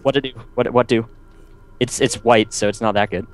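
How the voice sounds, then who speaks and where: A man casually commentating a co-op video game with a friend, full of quick excited exclamations. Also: medium pitch. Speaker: gameplay commentator.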